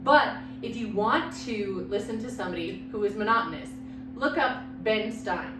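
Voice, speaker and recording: A woman lecturing on public speaking with a loud voice and lively, expressive pitch. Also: moderate pace, over music. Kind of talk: recorded lecture. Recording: echoey room, mic far off, background hum.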